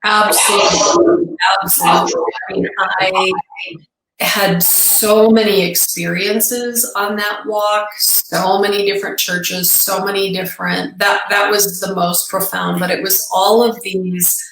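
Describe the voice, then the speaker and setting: A woman guest on a podcast, telling a personal story in an earnest, reflective way with halting restarts. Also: mid-range voice, fairly even intonation, fairly bright tone, a little hiss or hum. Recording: echoey room.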